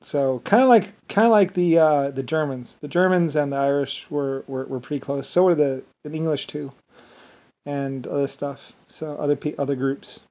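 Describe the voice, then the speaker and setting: A man's voice: a little high, moderate pace, dark tone. Rambling, chuckling man talking to camera. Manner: rambling, chuckles often between phrases. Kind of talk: rambling casual monologue.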